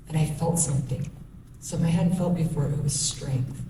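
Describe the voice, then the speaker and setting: A woman's voice: low voice, steady tone, normal speed. A woman in her thirties giving a candid personal testimony as a guest speaker, telling her story with quoted dialogue. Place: school hall. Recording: echoey room, distant mic, faint noise.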